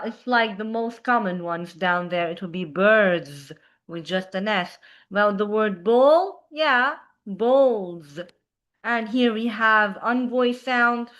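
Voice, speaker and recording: A woman's voice: a little high, pushed and bright. A woman teaching a beginner grammar lesson, explaining patiently and often saying "yeah". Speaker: English teacher.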